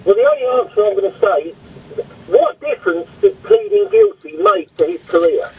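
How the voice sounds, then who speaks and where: A man's voice: very high voice, wildly swooping pitch, brisk, creaky, husky, dull audio. A man calling in, defending his view and stumbling over his words as he restarts sentences. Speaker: caller. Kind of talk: defensive phone debate.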